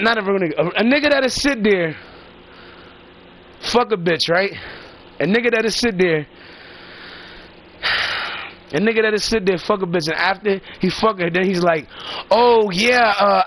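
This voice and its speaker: Man, high-pitched, rambling and profane, emphatic casual storytelling. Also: fairly bright tone.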